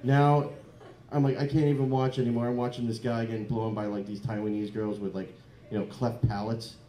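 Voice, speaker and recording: A man doing a crude, rambling stand-up comedy set in a comedy club, breaking into loud mock voices. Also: mid-range voice, level tone, a little fast, slight background noise. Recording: echoey club room.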